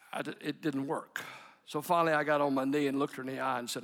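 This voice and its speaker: A man's voice: mid-range voice, steady tone, fast talker, gravelly. A middle-aged man telling stories in a sermon, with chuckles and sudden drops to near whispers. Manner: warm anecdotes with chuckles, dropping to near whispers. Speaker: preacher. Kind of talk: sermon storytelling. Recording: echoey hall.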